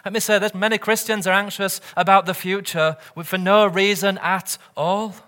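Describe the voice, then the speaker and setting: A man's voice: high-pitched, steady tone, normal speed, a bit bright. A man preaching a sermon as pastor, earnest, often asking the congregation rhetorical questions. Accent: British or Commonwealth English.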